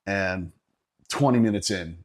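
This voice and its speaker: A middle-aged man with a fairly low voice shares a gig story on a podcast. He talks in a loose, conversational way, swears freely and laughs often as he goes. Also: measured pace. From Northeastern Pennsylvania. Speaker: podcast guest. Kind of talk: casual storytelling chat.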